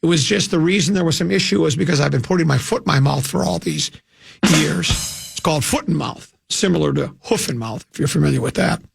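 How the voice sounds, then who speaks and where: A man's voice: fairly high pitch, brisk, creaky, husky, dry recording, soft background music. An older man from hosting a radio show, telling a rambling, self-mocking anecdote with many restarts. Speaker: radio host.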